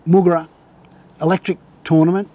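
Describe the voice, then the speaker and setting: A man's voice: sits high, level tone, brisk, dark tone, muffled recording. Rambling man telling fishing stories. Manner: rambling, with many restarts and fillers. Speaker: guest angler. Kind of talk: casual storytelling on a live show.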